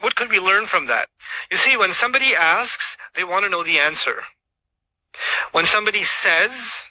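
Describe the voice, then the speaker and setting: A man giving an animated religious lecture, reciting Arabic verses rapidly and asking his audience rhetorical questions. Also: high voice, no echo, rough recording. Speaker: Islamic speaker.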